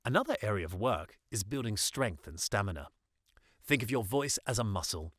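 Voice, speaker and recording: Expressive low-voiced man, podcast monologue. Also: moderate pace, no room sound, studio quality. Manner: expressive, emphatic delivery with pitch swings. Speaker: voice coach and podcast host.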